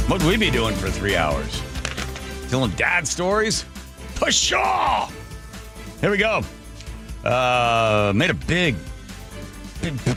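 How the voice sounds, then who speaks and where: A man hosting a radio talk show, chatting casually and telling animated stories. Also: mid-range voice. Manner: animated storytelling with shouted impressions.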